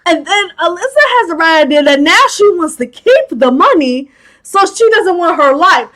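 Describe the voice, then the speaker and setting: High-voiced woman recapping a movie. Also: animated, moderate pace, a bit bright. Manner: chatty, heavy use of "like", exclaims in disbelief. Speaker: movie commentator. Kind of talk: casual plot recap commentary.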